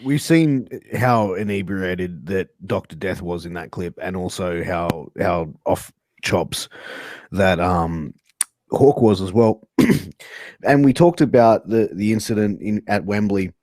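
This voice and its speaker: A man's voice: low voice, slow pace, darkish tone, no room sound. A man co-hosting a podcast, stammering through a question and acting out crude hypotheticals. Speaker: podcast co-host. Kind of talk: interview question.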